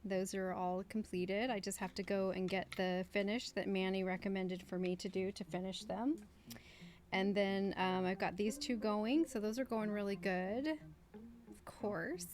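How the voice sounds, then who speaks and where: A woman's voice: mid-range voice, steady tone, a little slow, darkish tone. A woman hosting a livestream, chatting casually and easily amused while crafting and reading viewer comments. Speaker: livestream host doing crafts.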